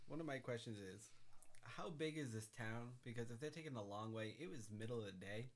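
A man's voice: mid-range voice, fairly quick, a little hiss or hum. A man co-hosting a podcast in casual chat, making dry quips. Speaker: podcast co-host.

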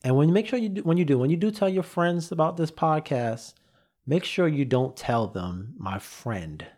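Slightly out of breath, this man addresses his podcast listeners through a studio mic with a loose motivational talk that circles back on itself. His voice sits on the high side with a darkish tone and lively intonation, at normal speed.

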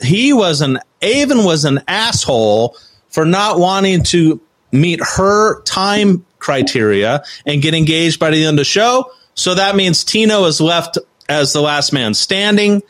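A man's voice: on the high side, unhurried. Man recapping episodes on a podcast. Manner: steady recapping, sarcastic asides. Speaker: podcast co-host.

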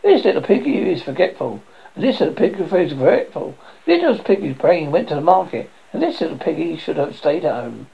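A woman's voice: low voice, big pitch swings, fairly quick, creaky, slightly rough, full character voice. A woman voicing a stubborn, scornful male pig on a jury, ranting at the others. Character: stubborn loud-mouthed male pig juror. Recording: dull lo-fi recording.

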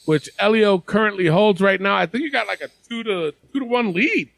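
Lively, gravelly male podcast host. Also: sits high, fairly quick, no echo. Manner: profane, laughing, loose banter. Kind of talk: casual chat.

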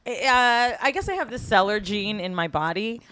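A woman guesting on a podcast in casual chat, wry and blunt with quick one-liners. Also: medium pitch, animated, sharp tone, no echo.

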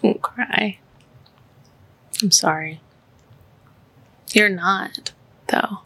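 A woman's voice: mid-range voice, extremely slow, vocal fry, sharp tone, breathy edge. A woman in her thirties hosting a podcast, talking in an earnest, rambling, storytelling way. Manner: earnest, rambling, tells stories. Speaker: podcast host. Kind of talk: casual heartfelt podcast chat.

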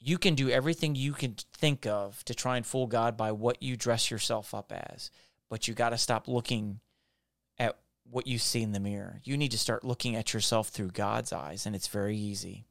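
Gravelly man preaching in repeated refrains. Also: lowish voice, normal speed, dry recording, clean studio sound. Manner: repetitive, building exhortations. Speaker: podcast host. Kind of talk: devotional podcast preaching.

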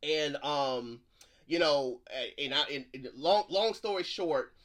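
A man in his thirties hosts a casual conversation about faith, telling his own story with animated energy. His voice is bright and sits a little high for a man, and he keeps affirming his guest. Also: takes it slowly. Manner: animated storyteller, lively laughs, encouraging affirmations. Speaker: podcast host. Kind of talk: casual chat.

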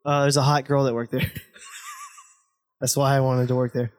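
A man's voice: mid-range voice, huge pitch swings, measured pace. A young man chatting as a podcast guest, teasing the host, laughing a lot and swearing casually. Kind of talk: casual chat.

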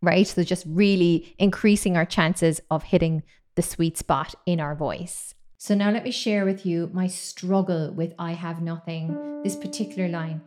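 This vocal technique lesson comes from a singing coach in her thirties whose lowish, slightly mellow voice holds a steady tone at a measured pace, with faint music behind her. She's chatty and enthusiastic, demonstrating sounds along the way.

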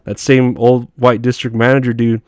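A man's voice: mid-range voice, little pitch movement, normal speed, darkish tone, dry recording, studio quality. A man telling rambling, profane work stories in a casual monologue, often laughing at himself. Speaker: podcast host.

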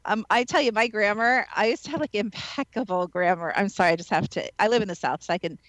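A woman's voice: medium pitch, quick pace, fairly bright tone, no room sound, poor audio. A woman from the Midwest hosting a radio talk show, chatty and laughing often. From American Midwest. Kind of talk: casual radio chat.

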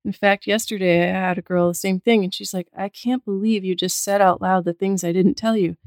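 A woman speaking as a guest medical intuitive in a casual podcast conversation, calm and explanatory, with a spiritual bent. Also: medium pitch, fairly quick, dry recording, studio quality.

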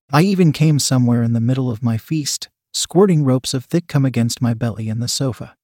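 A man narrating a first-person erotic story in a steady, unhurried reading voice. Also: mid-range voice, no echo, clean studio sound.

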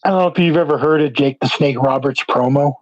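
A man's voice: a little high, fast talker, no room sound. A man from New Jersey, an independent wrestler, chatting casually as an interview guest and rambling with many "you know" fillers. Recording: dull lo-fi, dry sound.

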